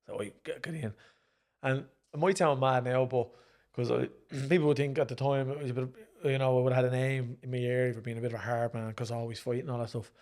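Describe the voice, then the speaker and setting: A man's voice: mid-range voice, gravelly. A middle-aged Irish man, a former boxer, telling stories of his fights in a casual interview, acting out what people said. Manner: animated, acts out quoted speech in raised voices. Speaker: guest, former professional boxer and promoter. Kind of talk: casual storytelling in a sit-down interview.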